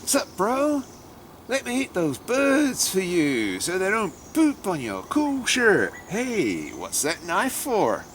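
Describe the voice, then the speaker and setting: A man voicing a cocky male snake, putting on an attempted American accent in a high, drawling voice. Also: huge pitch swings, takes it slowly, a bit bright, a little hiss or hum, full character voice. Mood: cocky, innocent.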